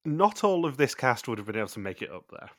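A man's voice: medium pitch, sing-song, quick pace, a bit bright, dry recording, clean studio sound. A man hosting a podcast, chatting casually and recapping the plot of a TV show in long runs. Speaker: podcast host.

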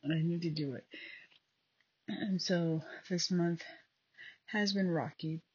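A young adult woman hosting a casual solo podcast from home at night, talking quietly and rambling with many fillers into a phone. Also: on the low side, takes it slowly, breathy edge. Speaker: podcast host. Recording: dull lo-fi phone recording.

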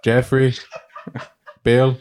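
A man on a comedy podcast doing an impression of a famous older male comedian, delivering flippant, deadpan jokes in character. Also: medium pitch, very slow, clean tone.

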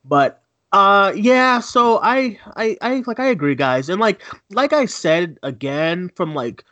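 Excitable man with a lively, bouncing voice. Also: high voice, dry recording. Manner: excitable, fast restarts and stammered repeats. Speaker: co-host of a movie news show. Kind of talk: casual chat, swearing freely.

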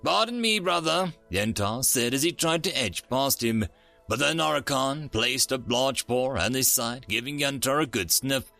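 A man narrating a science fiction story in a lively storytelling way. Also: medium pitch, normal speed, gravelly, soft background music.

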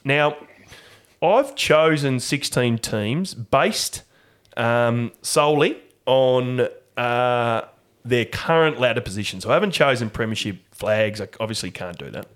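An Australian man hosting a podcast, chatting loosely and laughing easily. His voice sits at a middling pitch, and he talks in relaxed, rambling bursts with plenty of restarts. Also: a little slow. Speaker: podcast host. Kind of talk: casual chat.

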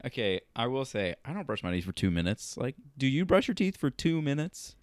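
A man's voice: mid-range voice, very animated, a little fast, smooth, no room sound, clean studio sound. A man in casual chat, recapping sitcom moments, laughing often and quoting lines with lots of "like". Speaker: podcast co-host.

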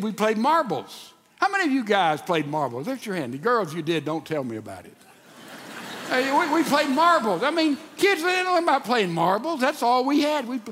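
Older male pastor, folksy sermon delivery, high voice, long hall reverb. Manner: folksy and animated, with stammered restarts.

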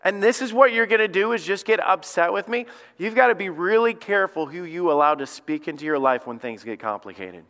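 Man, lead pastor, sermon, fairly high voice, long hall reverb. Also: expressive, brisk, hardly any pauses, fairly bright tone. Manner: conversational preaching, acts out quotes. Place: church sanctuary.

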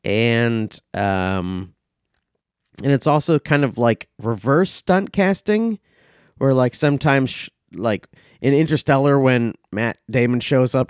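A man's voice: mid-range voice, expressive, takes it slowly, clean tone, dry recording, clean studio sound. A man co-hosting a comedy movie podcast, rambling through a casual review with lots of ums and profane outbursts. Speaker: podcast co-host.

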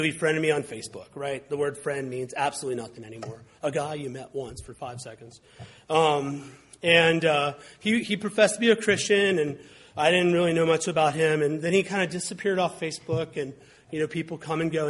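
Husky male pastor preaching conversationally. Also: fairly high pitch. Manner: conversational, wry storytelling with mimicked quotes. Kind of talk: sermon.

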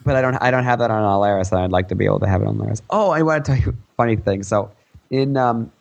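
A man's voice: lowish voice, very fast, creaky, dull audio. A man co-hosting a gaming podcast in casual chat, rambling and giggly with lots of fillers, his voice a bit worn. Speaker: podcast co-host.

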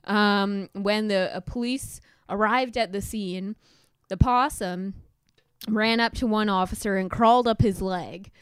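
A woman co-hosting a casual podcast, easygoing and quick to laugh, relaying odd news stories. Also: medium pitch, clear, resonant tone, no room sound, studio quality. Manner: easygoing, laughs often, reads news items slowly. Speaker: podcast co-host. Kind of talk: casual chat.

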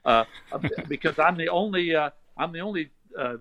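An older man, a voice actor guest, telling animated anecdotes in a casual interview and slipping into playful voices. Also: a little high, moderate pace, a little hiss or hum. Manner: animated storyteller who slips into playful voices. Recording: dry, dull lo-fi sound.

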